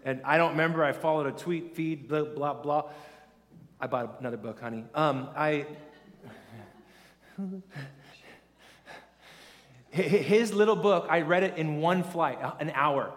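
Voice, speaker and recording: Animated male pastor in a reverberant hall. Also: on the high side, measured pace, pauses often. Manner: animated and conversational, calls on the congregation to repeat after him. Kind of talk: sermon. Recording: long reverb of a large hall.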